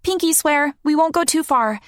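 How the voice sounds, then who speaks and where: A woman narrating an audiobook, voicing an eager, earnest young girl in a bright, quick manner. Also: high voice, no room sound, clean studio sound, pitched above the performer's own voice, close to an everyday voice. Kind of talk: audiobook character voice.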